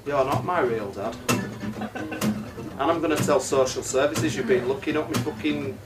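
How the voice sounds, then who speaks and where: A man's voice: medium pitch, measured pace, distant mic, pitched below the performer's own voice, close to an everyday voice. A man doing a cheeky sneering son. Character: cheeky, spiteful young son. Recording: roomy live recording with loud music.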